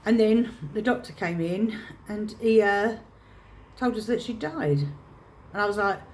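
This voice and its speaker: A woman's voice: mid-range voice, measured pace, darkish tone, slight background noise. A woman telling a painful personal story to camera, emotional and reenacting her own past words. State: choked up. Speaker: vlogger.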